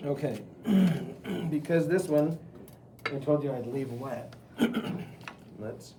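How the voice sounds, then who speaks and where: During a live wheel-throwing demonstration, a middle-aged man talks his students through each step in a chatty way. His fairly high voice is expressive, with drawn-out words, and heavy background noise surrounds him.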